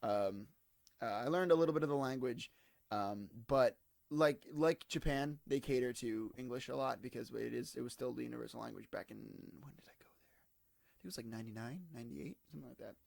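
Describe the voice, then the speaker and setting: A man's voice: medium pitch, a little fast, gravelly, a little mellow, dry recording. A tired, slightly hungover man in his twenties, rambling casually to camera in a digressive, self-deprecating way. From United States. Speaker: vlogger.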